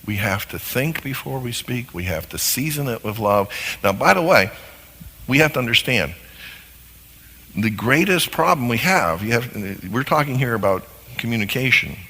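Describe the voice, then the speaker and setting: A man teaching on marriage as a counselor, sermon style, animated and acting out little scenes in different voices. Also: mid-range voice, normal speed, husky. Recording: long hall reverb.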